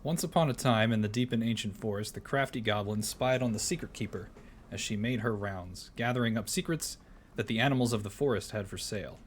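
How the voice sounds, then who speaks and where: A man streaming a game, chatting casually and reading a storybook aloud in a playful, animated way. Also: fairly low pitch, fairly quick, a little hiss or hum.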